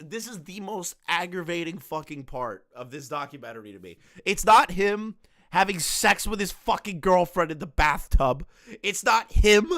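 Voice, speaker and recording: A man's voice: high voice, sharp tone, no echo, studio quality. A man hosting a reaction commentary, ranting, swearing and laughing often, his voice strained. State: strained voice, not back to normal. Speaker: commentary host.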